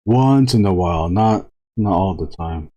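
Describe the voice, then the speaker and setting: A man chatting casually to viewers while drawing on a live stream, rambling with frequent halting restarts. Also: low-pitched, lively intonation, mellow, lo-fi sound.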